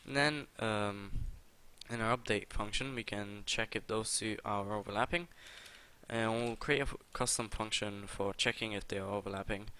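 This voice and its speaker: A man's voice: on the low side, normal speed, sharp tone, clear, resonant tone. A young man hosting a casual coding tutorial, talking his way through the steps with frequent uh and um fillers. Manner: casual, hesitant, with many uh and um fillers. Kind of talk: screen-recorded coding tutorial.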